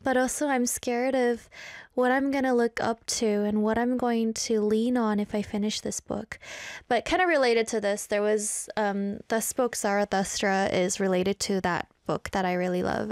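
A woman DJ hosting a radio show, chatting and reading listener comments. Her voice swings between a high register and a low, breathy one. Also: fairly even intonation, normal speed, no room sound, clean studio sound. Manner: drops into a breathy whisper at times. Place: broadcast studio in South Korea.

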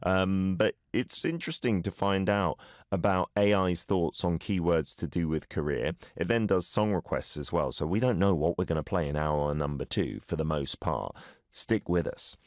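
A man's voice: low voice, moderate pace, no room sound, studio quality. A man hosting a radio show, chatting casually with a self-deprecating, easygoing manner. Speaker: radio host.

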